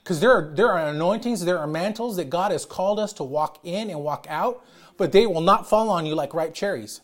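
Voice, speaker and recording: A middle-aged man preaching a sermon as pastor, loud and emphatic, calling out to his congregation. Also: sits high, brisk.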